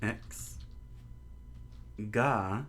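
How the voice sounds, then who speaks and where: A man's voice: lowish voice, very slow, fairly bright tone, slight background noise. A man teaching Japanese grammar on a livestream in a casual, rambling way, with many fillers and restarts. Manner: rambling, many fillers and restarts, drawing on a board while talking.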